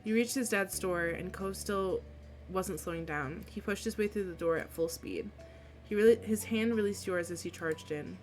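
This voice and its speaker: A woman's voice: mid-range voice, moderate pace, faint music behind. A young adult woman streamer reading a visual novel aloud, with casual, emotional asides.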